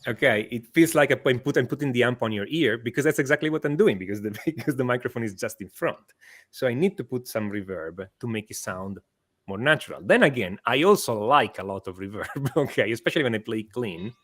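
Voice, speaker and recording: This man, a guest guitar teacher, chats casually from a small home studio about how a guitar sounds, laughing often and saying "okay" a lot. His medium-pitched voice is expressive, brisk, and fairly bright as he explains things.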